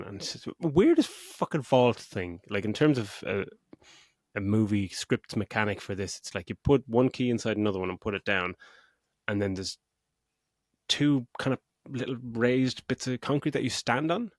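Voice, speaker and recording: A middle-aged man with a fairly low voice talks through a movie's plot in loose, profane podcast chat. He rambles from scene to scene. The sound is dry and close, with no room around it. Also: animated, normal speed, dry recording. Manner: sweary, rambling retelling with mock voices. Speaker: podcast host. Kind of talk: casual film review chat.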